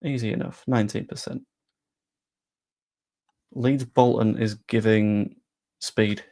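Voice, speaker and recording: A man's voice: lowish voice, fairly even intonation, slow pace, mellow. A young man chatting casually on a live stream about football, rambling with self-deprecating asides.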